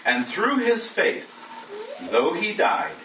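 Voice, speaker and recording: A man's voice: sits high, huge pitch swings, slow pace. Distant, echoey man preaching a sermon. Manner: conversational, asks rhetorical questions. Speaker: pastor. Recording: roomy echo, distant mic, lo-fi with noise.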